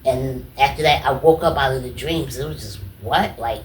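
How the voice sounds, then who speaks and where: An animated man tells his story in a casual interview and acts out the people he quotes. He speaks from some distance, and the room echoes around him. A faint ambience sits underneath. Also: mid-range voice, normal speed, slight background noise. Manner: animated, repeats "you know what I'm saying", acts out quotes. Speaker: guest, comedian and artist.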